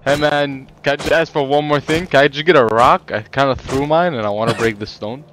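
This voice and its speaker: A man's voice: mid-range voice, a little fast, fairly bright tone, a little hiss or hum. Friendly pleading man on game chat. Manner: pleading, friendly, says bro a lot. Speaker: other player.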